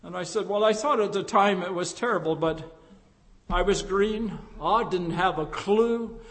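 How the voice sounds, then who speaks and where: An older man, a pastor, preaching a sermon in a slow, reflective way, with emphatic rises and hushed drops. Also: high-pitched, big-room sound.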